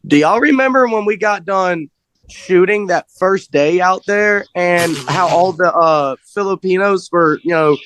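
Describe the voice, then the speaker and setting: A man's voice: sits high, a little slow, fairly bright tone, clear, resonant tone, no echo, rough recording. A man, a military veteran, trading stories in casual chat, laid-back and swearing freely. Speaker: podcast guest, military veteran.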